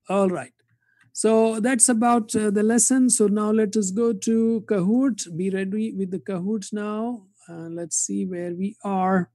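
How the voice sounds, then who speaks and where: A man teaching Quranic Arabic in an online class, saying word forms slowly and having students repeat them. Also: sits high, fairly even intonation, dark tone, dry recording. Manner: drills words slowly, asks class to repeat. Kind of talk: online lesson with drills.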